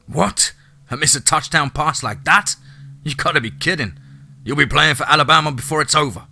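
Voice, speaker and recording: A man's voice: fairly high pitch, moderate pace, gravelly, pushed and bright, pitched above the performer's own voice, exaggerated voice. A man doing a sly teasing uncle. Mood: hearty. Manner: teasing, hearty. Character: jovial middle-aged uncle, sly, teasing.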